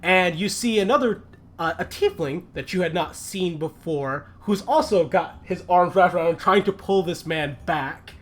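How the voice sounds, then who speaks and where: A man narrating a tabletop game as game master, telling the story in a lively, animated way. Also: high voice, normal speed.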